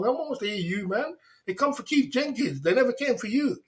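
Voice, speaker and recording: A man's voice: high voice, very animated, brisk, pushed and bright. A man hosting a livestream, tipsy and laughing as he rants in a repetitive, swearing, casual way. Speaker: livestream host. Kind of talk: rambling livestream rant.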